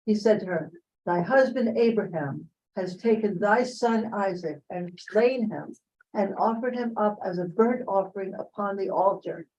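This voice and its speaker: A woman reads a passage aloud in a study session, steady and careful. Her voice sits at an ordinary middle pitch. The recording sounds dull and lo-fi. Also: a little slow. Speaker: participant reading a text aloud. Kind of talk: reading a text aloud in study.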